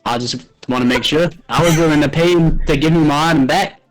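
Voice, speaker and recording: A man playing his character in a tabletop game, speaking earnestly and a little haltingly. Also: a little high, faint music behind, rough recording. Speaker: player. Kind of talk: tabletop role-play.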